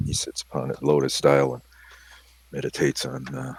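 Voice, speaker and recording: A man's voice: extremely low pitch, very animated, moderate pace, gravelly, husky, dry recording. A man playing a tabletop game, describing his character in a wordy, hesitant way. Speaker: player.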